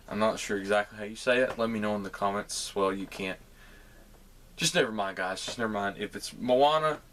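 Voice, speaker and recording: A man's voice: lowish voice, a bit bright, slight background noise. Chatty Southern young man vlogging. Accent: Southern American. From Southern United States. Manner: chatty, rambling, addresses viewers as guys. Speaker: collectibles vlogger. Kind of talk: casual toy haul video.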